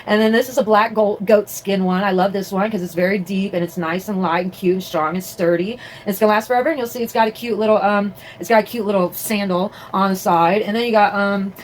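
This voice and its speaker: A woman's voice: medium pitch, fairly even intonation, brisk, hardly any pauses, a little hiss or hum, low-quality recording. A woman vlogging casually from her home, chatting in a rambling way with many fillers and restarts. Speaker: vlogger and crafter. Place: at home, indoors.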